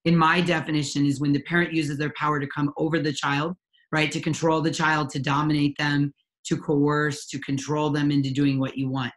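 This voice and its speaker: Her voice sits low with little pitch movement and a fairly quick pace as this parent coach in her forties shares her personal story in an interview. She is candid and earnest, full of ums and restarts, and near tears at moments.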